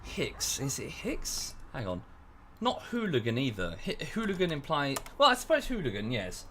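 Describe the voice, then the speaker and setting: A man's voice: mid-range voice, huge pitch swings, moderate pace, a bit bright, a little hiss or hum. A young English man chatting casually with his stream chat while playing a strategy game, often correcting himself mid-sentence. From England. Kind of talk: casual livestream chat over gameplay.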